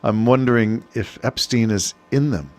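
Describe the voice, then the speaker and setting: A man's voice: medium pitch, moderate pace, a little mellow. A man co-hosting a podcast in casual chat, bantering wryly and chuckling. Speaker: podcast co-host.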